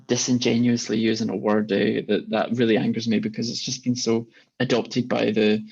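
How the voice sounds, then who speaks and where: Gravelly, husky man, indignant. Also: medium pitch, darkish tone. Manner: indignant, emphatic. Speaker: podcast co-host. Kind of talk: casual political chat. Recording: dull lo-fi mic.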